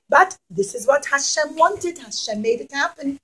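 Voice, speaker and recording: A woman's voice: high voice, expressive, a little fast, few pauses, low-quality recording. A woman telling a religious story to children at a puppet show, asking them questions as she goes.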